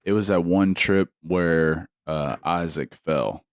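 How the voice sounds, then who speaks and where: A man's voice: low-pitched, slow, smooth, dry recording, studio quality. A man co-hosting a podcast in casual chat, cursing freely and laughing often. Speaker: podcast co-host.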